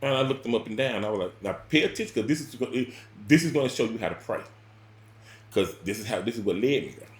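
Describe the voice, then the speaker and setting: A man telling a personal story in casual spoken style, rambling and repeating words, with sudden loud bursts and quiet drops. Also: lowish voice, animated, fast talker, echoey room.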